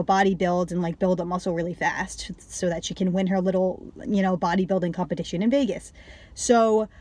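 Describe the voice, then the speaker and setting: Woman, casual film reviewer, mid-range voice, rambling and filler-heavy, sighs when upset. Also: a little mellow. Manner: rambling, heavy use of "like", trails off and restarts; emotionally invested, sighs and drops low when upset.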